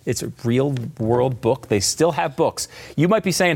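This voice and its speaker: A man hosting a talk show who plugs his guest's book and reads an ad in a brisk, salesy way. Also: medium pitch, lively intonation, vocal fry, darkish tone. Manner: brisk, salesy when reading ads. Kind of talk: host talk and read ad.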